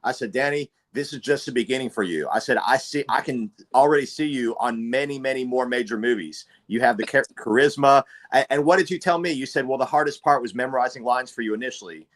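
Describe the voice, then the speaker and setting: A man's voice: mid-range voice, quick pace, hardly any pauses, a bit bright. A man hosting a casual chat, talking in an upbeat, encouraging way. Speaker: host, actor.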